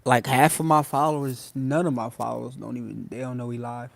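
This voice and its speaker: A man's voice: medium pitch, steady tone, a little fast, vocal fry. A young man hosting a casual phone livestream, talking loosely in slang and addressing his viewers again and again. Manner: loose slangy talk, addresses chat often. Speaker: livestream host.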